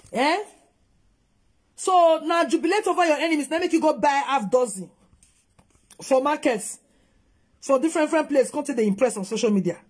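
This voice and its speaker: A woman's voice: sits high, a little mellow. A woman from Nigeria with a Nigerian Pidgin accent, giving emphatic, scolding reaction commentary on a video. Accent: Nigerian Pidgin English. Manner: scolding, emphatic, switching between English and Pidgin. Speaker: vlogger.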